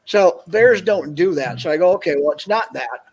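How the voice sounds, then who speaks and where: A man from northern Minnesota, a guest, telling an animated story on a video call and acting out what people said. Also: on the high side, moderate pace, husky. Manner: animated anecdote, acts out quoted dialogue. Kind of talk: casual storytelling on a call-in show.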